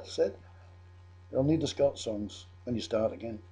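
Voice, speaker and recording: A man's voice: mid-range voice, normal speed, dark tone, slightly rough. An older man from England telling a chatty personal anecdote, amused at himself, with frequent restarts. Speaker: storyteller.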